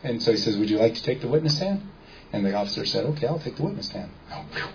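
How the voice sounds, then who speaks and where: A man's voice: medium pitch, animated, fast, crowd noise. A man giving a casual lecture to a small audience, telling stories and quoting people in dialogue while quizzing the listeners. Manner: storytelling, quotes people in dialogue, asks the audience questions. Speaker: seminar speaker. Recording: dull lo-fi recording with faint background noise.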